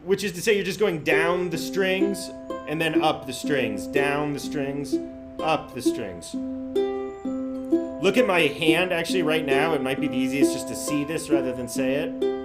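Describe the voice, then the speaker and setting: A man's voice: fairly high pitch, moderate pace, loud music behind the voice. A man teaching an online ukulele class, counting out finger-picking patterns as he plays. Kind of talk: online group music lesson. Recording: ukulele playing under the voice.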